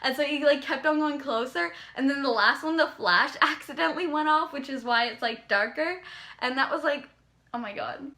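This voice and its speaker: A young woman vlogger from Canada excitedly telling a story in casual chat, rambling with lots of "like"s. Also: high voice, normal speed.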